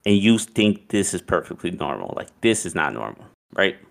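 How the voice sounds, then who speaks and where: A man's voice: deep voice, very animated, moderate pace, creaky. A young man casually telling a story, loose and profane, with "like" in nearly every line. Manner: loose and profane, heavy use of "like".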